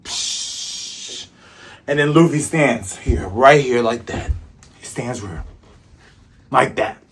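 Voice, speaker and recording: Husky-voiced guy doing a casual comic recap, acts scenes out with goofy sound effects. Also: medium pitch, slow pace. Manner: animated retelling with sound effects. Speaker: manga review host. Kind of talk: casual chapter recap and commentary.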